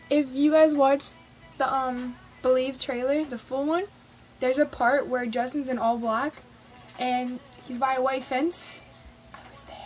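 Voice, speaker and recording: A woman vlogging about a concert, telling it in an excitable, gushing way and acting out her own reactions. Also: high-pitched, low-quality recording. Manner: gushing, excitable, fast-shifting, reenacts her own squeals. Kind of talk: excited casual storytelling.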